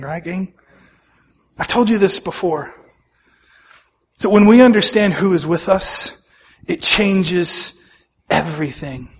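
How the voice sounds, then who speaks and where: A man preaching a sermon, animated, acting out the voices of the people in the Bible stories he tells. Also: sits high. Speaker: pastor. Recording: long hall reverb.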